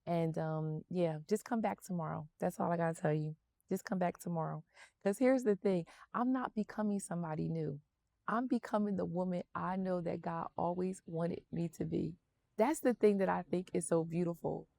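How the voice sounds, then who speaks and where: A woman's voice: fairly low pitch, normal speed, creaky, dark tone, no room sound. A woman in her fifties, seated outdoors, vlogging encouragement from her faith and repeating affirmations. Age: 50s. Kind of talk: faith-based motivational vlog.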